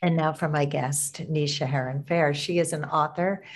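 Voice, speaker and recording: A middle-aged woman with a notably low, deep voice hosts a dating and relationships podcast. She talks earnestly and with emphasis, pausing and restarting as she goes. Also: steady tone. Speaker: podcast host and dating coach. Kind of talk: podcast intro and interview.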